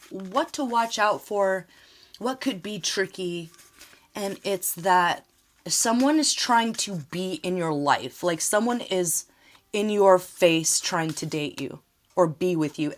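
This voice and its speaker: A woman's voice: lowish voice, lively intonation, slow pace. A woman giving a casual spoken tarot reading, talking in a rambling, emotional way and often laughing. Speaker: tarot reader.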